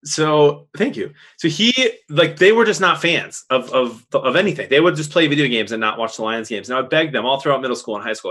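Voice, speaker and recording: A man cohosts a podcast and tells stories with real excitement, laughing along the way. His voice is bright and forward. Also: medium pitch, a little fast. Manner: excited storytelling, laughs often. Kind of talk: casual chat.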